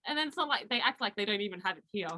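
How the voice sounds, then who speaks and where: A woman's voice: medium pitch, animated, racing, bright, forceful tone. A young Australian woman, a college basketball player, chatting and giggling on a video call interview. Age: young adult. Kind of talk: casual interview chat.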